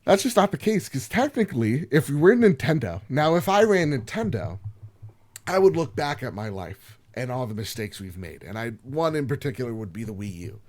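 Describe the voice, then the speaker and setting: A man hosting a gaming podcast alone, joking and rambling as he swings from loud outbursts to quiet asides. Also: mid-range voice, sing-song, normal speed. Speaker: podcast host. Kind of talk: solo podcast chat.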